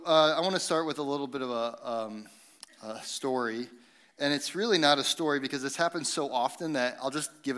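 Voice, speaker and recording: Animated, bright-voiced male pastor preaching. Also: medium pitch, clean tone. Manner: conversational, animated storytelling with many fillers and tag questions. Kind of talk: sermon.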